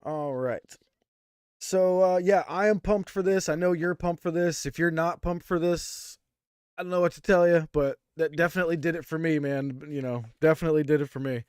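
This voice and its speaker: A man's voice: fairly high pitch, fairly even intonation, normal speed, darkish tone, clean tone, dry recording, studio quality. A man co-hosting a casual wrestling review show, speaking in an easygoing way and laughing often. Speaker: co-host.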